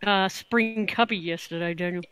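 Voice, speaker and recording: A woman's voice: fairly low pitch, moderate pace, a crowd in the background. A woman chatting casually and teasing the host during a stream. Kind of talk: casual chat.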